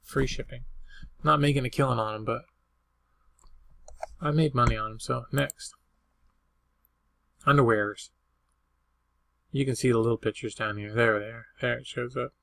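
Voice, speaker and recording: Measured in pace and fairly even in intonation, this older man's medium-pitched voice is slightly bright with vocal fry and long pauses. He's an eBay reseller rambling folksily through a casual vlog, noting what he paid, what things sold for, and dates.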